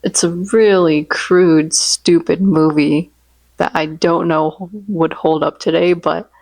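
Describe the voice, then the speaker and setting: A woman vlogger chats in a low, relaxed voice, rambling from one tangent to the next. She is recorded close to the mic in a dry room with no echo. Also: slow pace, creaky. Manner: rambling, chatty, jokes about her own impressions. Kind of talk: casual chat.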